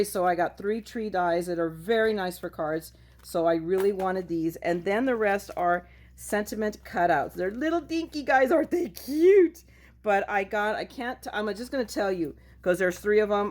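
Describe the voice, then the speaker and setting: A woman chatting casually at home in a craft haul video, goofy and self-mocking as she shows her finds. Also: mid-range voice. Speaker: craft vlogger.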